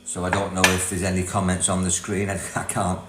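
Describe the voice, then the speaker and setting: A man's voice: low-pitched, completely flat delivery, brisk. An older man from Britain hosting a casual self-help livestream, chatty and rambling, reading viewer comments aloud and laughing often. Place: property in Thailand. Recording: echoey room with mains hum.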